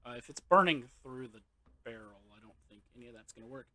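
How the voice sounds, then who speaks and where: A man's voice: medium pitch, fast talker, bright, forceful tone. A man casually talking to himself while playing a video game, rambling and joking. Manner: rambling, jokey muttering to himself. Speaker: game streamer. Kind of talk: casual let's-play commentary. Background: video game ambience.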